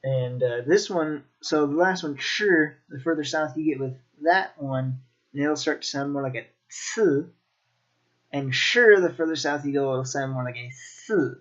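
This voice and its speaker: A man teaching Mandarin pronunciation in a slow, demonstrative way, repeating each sound. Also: medium pitch, fairly even intonation, muffled recording. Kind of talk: pronunciation lesson.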